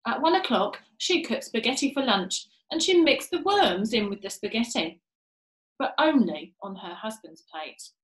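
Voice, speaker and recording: A woman reading a children's book aloud, with an expressive, lively manner. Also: a little high, moderate pace. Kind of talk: storybook read-aloud. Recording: roomy echo.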